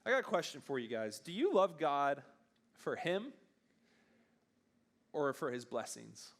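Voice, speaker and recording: A man's voice: a little high, sing-song, fairly bright tone. A young man, a youth pastor, giving a casual sermon to teenagers in a chatty way, often acting out bits of dialogue. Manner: conversational, acts out dialogue in quick bursts.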